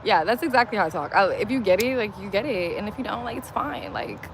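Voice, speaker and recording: A woman's voice: mid-range voice, lively intonation, fast talker. Rambling woman streaming outdoors by traffic. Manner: says "like" constantly, loose and rambling. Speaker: livestreamer. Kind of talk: casual rambling stream chat. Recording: loud outdoor street noise.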